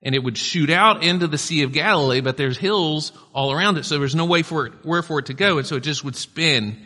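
A man's voice: a little high, fairly quick, bright, forceful tone. Man preaching a sermon in a reverberant hall. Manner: conversational preaching with asides. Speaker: pastor.

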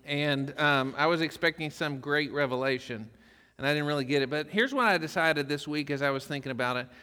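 A man's voice: a little high, fairly quick, bright, forceful tone, clear, resonant tone. Man preaching in a reverberant hall. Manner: folksy storytelling with humor. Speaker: pastor. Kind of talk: sermon.

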